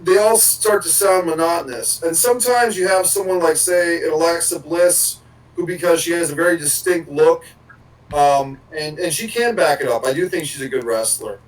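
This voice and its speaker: A man's voice: on the high side, normal speed, recorded from a distance, poor audio. A man co-hosting a podcast, rambling casually and swearing now and then. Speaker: podcast co-host.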